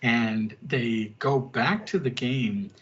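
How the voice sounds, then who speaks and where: A husky man talks casually as a podcast co-host, walking through a story with lively little character voices along the way. His tone sits at a middling pitch. The audio is dull and lo-fi. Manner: animated storyteller, quick asides in character voices. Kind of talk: casual chat.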